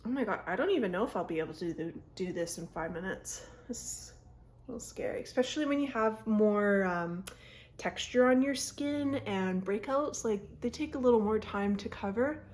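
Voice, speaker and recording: A young beauty vlogger speaks in a medium-pitched, expressive voice with a darkish tone, keeping a moderate pace. She rambles chattily through a casual makeup tutorial at her mirror at home, often cutting herself off. The phone-camera audio carries a little hiss or hum.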